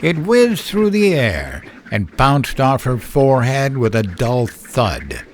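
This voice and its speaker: Male horror narrator, unhurried, deliberate, scripted storytelling. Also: mid-range voice, huge pitch swings, a little hiss or hum. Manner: slow, measured storytelling.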